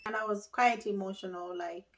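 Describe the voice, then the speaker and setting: A woman's voice: mid-range voice, steady tone, moderate pace, recorded from a distance, noisy background. A woman chatting casually as a guest, laughing often and trailing off as she tells her story. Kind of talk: casual chat.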